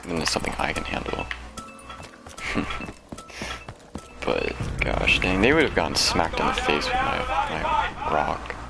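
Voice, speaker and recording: A man's voice: rumbling low, huge pitch swings, unhurried, vocal fry, pauses often, loud music behind the voice. A man streaming a video game, chatting casually and telling a rambling, self-deprecating story while he plays. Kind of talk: casual gameplay commentary and storytelling.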